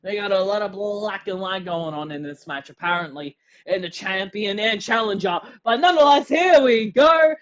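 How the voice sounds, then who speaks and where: An excitable wrestling commentator gives play-by-play of the match at normal speed with few pauses, shouting out whenever a big hit lands. His pitch sits in the middle range, and the audio is dull and lo-fi.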